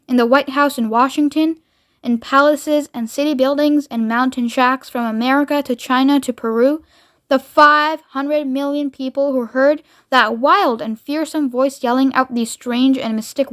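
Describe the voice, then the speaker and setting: High-voiced woman reading aloud. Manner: expressive narration. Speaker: book reader. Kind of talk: read-aloud storytelling.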